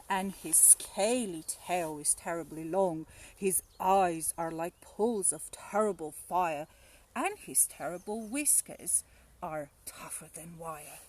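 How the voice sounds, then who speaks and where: A woman playing a grave gruffalo father. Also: slow, darkish tone, slight background noise. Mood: warning. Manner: low, solemn, ominous. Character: big male gruffalo father, grave and warning.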